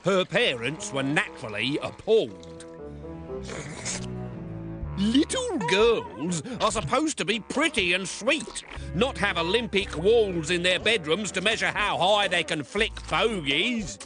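A man's voice: high voice, big pitch swings, takes it slowly. A man narrating a gruesome cautionary tale in a gleeful, theatrical storytelling style. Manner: gleeful, theatrical, relishing the gross details. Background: music.

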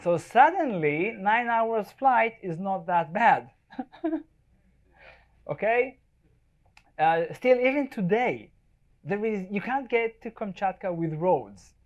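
A man's voice: high-pitched, big pitch swings, slow pace, pauses often, highs cut off. A man, a wildlife photographer, giving a live slide talk to an audience in a chatty, joking way and often checking in with the listeners. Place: event space before a live audience.

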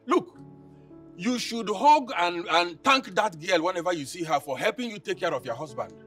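An actor with a Nigerian accent playing a boastful, philandering husband known as Chief, mocking and blustering. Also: male voice, high voice, animated, moderate pace, fairly bright tone. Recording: distant mic with faint film music.

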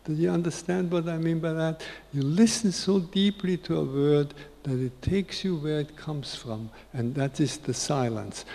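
A man in his eighties gives an unhurried, reflective spiritual talk to an audience, repeating key phrases for emphasis. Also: fairly high pitch, vocal fry, warm tone. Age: 80s. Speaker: spiritual speaker. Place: large conference hall. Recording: long reverb of a big hall.

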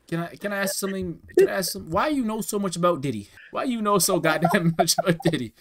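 Fast-talking joking man on video chat. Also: high voice, expressive. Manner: fast, joking, teasing, drops to mumbles. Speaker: vlog host chatting with strangers on a video chat app.

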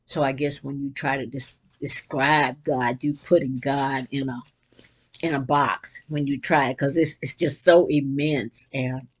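An older woman talking casually about faith and joy in an earnest, rambling way, often restarting her sentences and breaking into bursts of excitement. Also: very deep voice, measured pace, breathy edge. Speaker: vlogger reading and reflecting on quotes. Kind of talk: casual spiritual reflection.

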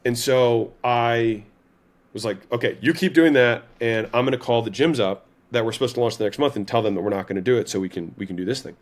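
A man telling a story as a podcast guest, in a casual, animated way, often saying "like" and "right?" and swearing now and then. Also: mid-range voice, fairly quick. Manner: animated retelling, frequent "like" and "right?", occasional swearing.

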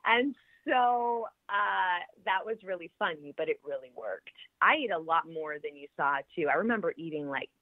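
A woman, an actress being interviewed, chatting in a lively way and laughing often. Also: lowish voice, moderate pace, no room sound. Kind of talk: casual interview chat. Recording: tinny phone-like line, dry.

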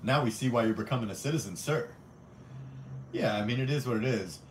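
A man's voice: mid-range voice, fairly quick, recorded from a distance. A young adult man hosting a casual livestream, teasing his viewers as he reads their comments in a profane, jokey way. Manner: profane, teasing, jokey banter with frequent laughter. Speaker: livestream host. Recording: roomy echo, off-mic, faint background hum.

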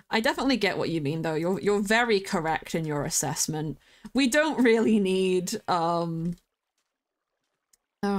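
A woman streamer giving casual gameplay commentary, chatty and quick to get excited, squealing at the animals she meets. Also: on the low side.

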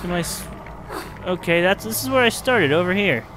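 Excitable gaming commentator, high animated voice. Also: male voice, normal speed, noisy background. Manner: excitable, swings from muttering to yelling. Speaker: gaming video host. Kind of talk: playthrough commentary. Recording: music from the game behind the voice.

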